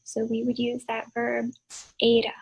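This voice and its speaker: A woman teaching a recorded grammar lesson. She explains patiently and draws out her examples slowly. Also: a little high, completely flat delivery, noisy background. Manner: clear explanatory teacher talk, drawn-out examples. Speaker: Spanish teacher.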